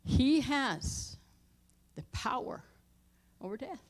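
Woman, pastor, sermon storytelling, fairly high pitch, soft-to-loud swings, church. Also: sing-song, takes it slowly. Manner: storytelling, voice dropping low for tense moments and rising loud for emphasis. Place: church sanctuary.

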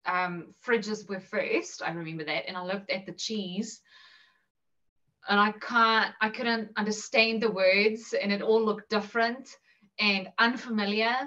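A South African woman with an Afrikaans-flavored accent answers questions in a casual interview. Her voice is bright and forward. She is heard a little distant and dull, over a video call. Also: medium pitch. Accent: Afrikaans-influenced South African English. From South Africa, Bloemfontein. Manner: chatty and self-deprecating, many ums and laughs. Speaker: interview guest.

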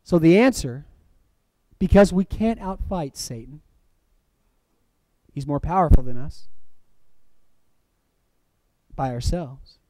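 A man preaching a sermon in a church, animated, swinging from loud emphatic lines down to quiet, dramatic drops. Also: fairly high pitch, slow, pauses often, no echo, low-quality recording. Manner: acts out movie quotes.

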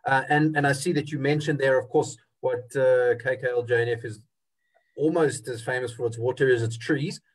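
Husky-voiced webinar moderator man. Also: mid-range voice, steady tone, fairly quick. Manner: hesitant, many uhs. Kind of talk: introducing speakers.

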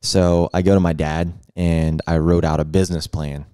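Host, male, low voice, lively casual storyteller who laughs often. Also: normal speed, smooth. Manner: lively, laughing, acts out quotes. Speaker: podcast host.

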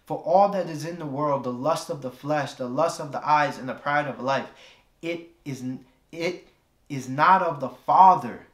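A young man preaches a sermon, mixing a personal story into his message and repeating phrases for weight. His voice sits a little high for a man. The sound carries the echo of a church hall. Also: normal speed.

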